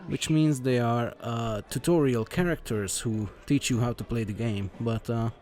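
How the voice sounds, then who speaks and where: A man commenting on a video game he plays, reading the game's text aloud in his own plain voice and talking in a halting way, with many fillers and restarts. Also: medium pitch, a little mellow. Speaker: let's play host.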